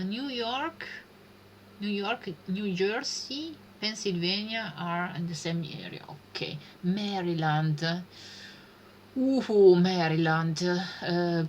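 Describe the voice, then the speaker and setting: Slow, bright-voiced woman streamer. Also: medium pitch, a little hiss or hum. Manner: thinking aloud, hesitant muttering. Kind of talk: live-stream gameplay commentary.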